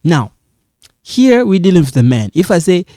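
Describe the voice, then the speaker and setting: A man teaching a grammar lesson, slow and repetitive, checking in often with "okay?". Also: high-pitched, sing-song, mellow, dry recording, studio quality. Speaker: French teacher.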